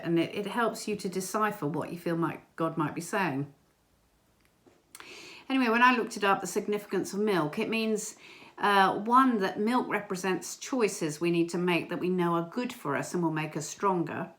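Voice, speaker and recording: A woman giving an informal church talk, earnest and gentle, with small hesitations. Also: mid-range voice. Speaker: church member sharing a prayer message.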